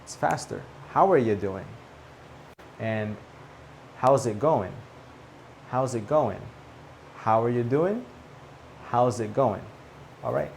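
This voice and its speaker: A man teaching a spoken English lesson, repeating example phrases clearly and checking in with "okay?". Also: mid-range voice, lively intonation, slow, pauses often, a little mellow, a little hiss or hum.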